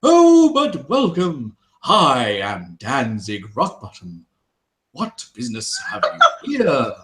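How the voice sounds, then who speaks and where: A man voicing a pompous, rotund male dwarf mayor who is jumpy and greedy, breaking into high squawks. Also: wildly swooping pitch, extremely slow, full character voice. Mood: startled.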